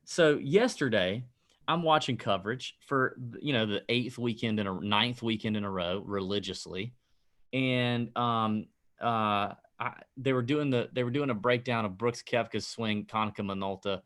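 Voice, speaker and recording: Middle-aged guy ranting on a golf betting podcast, gets loud and animated. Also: on the low side, moderate pace. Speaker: podcast co-host. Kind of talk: casual betting podcast chat.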